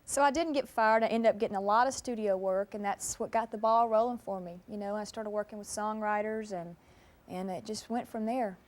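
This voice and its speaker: A woman's voice: medium pitch, fairly quick. A woman in her twenties with a Southern US accent, chatting as an interview guest and telling stories with frequent laughs. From Mississippi, US. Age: 20s. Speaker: guest singer. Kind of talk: casual interview chat.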